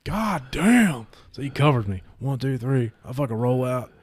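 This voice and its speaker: A young man with a mellow, warm voice spins a long story on a podcast. He rambles and swears, leaning on lots of fillers. His voice sounds dry and close, with no room around it. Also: mid-range voice, fairly even intonation, a little fast, dry recording. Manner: rambling and profane, full of fillers. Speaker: podcast host. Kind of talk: casual storytelling chat.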